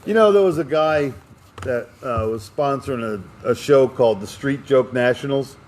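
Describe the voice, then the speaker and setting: A man's voice: medium pitch, moderate pace, a little hiss or hum. A man co-hosting a podcast, chatting casually and telling jokes with lots of laughter. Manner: animated joke-telling, laughs often. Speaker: podcast co-host. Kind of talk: casual chat.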